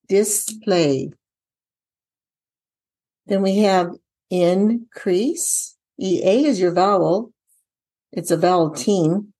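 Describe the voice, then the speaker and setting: A middle-aged woman who trains dyslexia teachers, walking through a spelling lesson out loud and asking the viewer questions as she goes. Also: mid-range voice. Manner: talks herself through each step, asks viewers questions. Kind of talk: casual instructional walkthrough.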